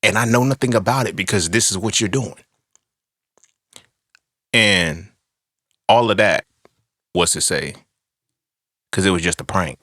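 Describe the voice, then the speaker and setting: A man's voice: low-pitched, unhurried, pauses often, dry recording, clean studio sound. A young man telling a personal story in a casual, profane monologue, acting out what people said. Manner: animated, profane storytelling with acted-out quotes. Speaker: podcast host.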